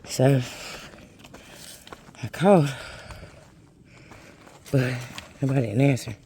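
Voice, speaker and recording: Out on a forest trail, a male thru-hiker records a casual vlog while hiking, chatty and exclamatory, calling his viewers honey and y'all. His mid-range voice is gravelly and mellow, his pace slow, with slight background noise.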